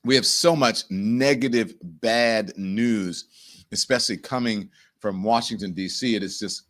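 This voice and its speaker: A man's voice: lowish voice, measured pace, a bit bright. Man, live-stream host, casual chat, laughs easily, reads out viewer comments, home studio.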